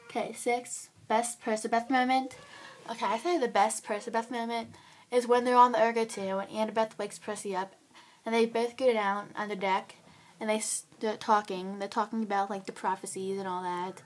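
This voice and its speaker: Teen girl, excitable vlog book reviewer, filler-heavy, chatty. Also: on the high side, moderate pace.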